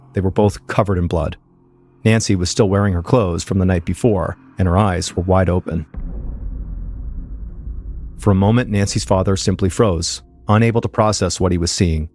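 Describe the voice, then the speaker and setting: Male podcast host, lowish voice, measured suspense narration. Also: darkish tone. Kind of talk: scripted true-crime narration.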